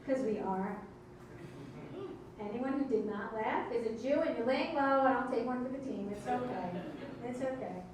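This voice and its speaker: A woman's voice: fairly high pitch, unhurried, pauses often, noisy background. A woman, emceeing stand-up comedy in a club with wry, teasing crowd work. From Brooklyn, New York. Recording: echoey club audio from far off.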